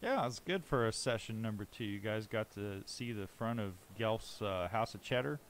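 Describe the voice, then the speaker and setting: A male game master walks the players through the scene in measured, descriptive narration. His voice sits on the lower side, with faint hiss under the recording. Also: expressive, poor audio.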